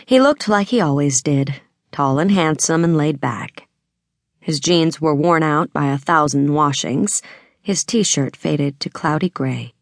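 A woman narrates a novel with a measured, storytelling delivery. Her voice is fairly low for a woman's. The recording is dry and close to the mic. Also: no echo. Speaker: audiobook narrator. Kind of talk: scripted narration.

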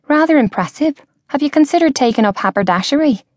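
A woman's voice: high-pitched, lively intonation, no echo, clean studio sound, voice pushed up. Woman playing Georgia, a spirited teasing young woman.

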